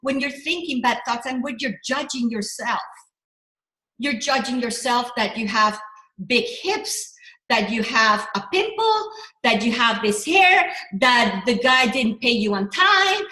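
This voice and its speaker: A middle-aged woman coaching a workshop, talking in an animated, rambling way with many restarts and self-corrections. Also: a little high, a little slow, echoey room, poor audio. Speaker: business coach. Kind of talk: motivational workshop talk.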